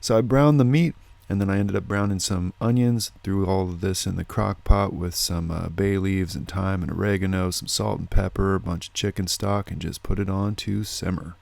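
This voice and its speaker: A middle-aged man hosting an outdoor vlog, talking in a relaxed, upbeat, chatty way. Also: deep voice, moderate pace, creaky. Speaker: host of a foraging and hunting channel. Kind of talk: casual outdoor vlog narration.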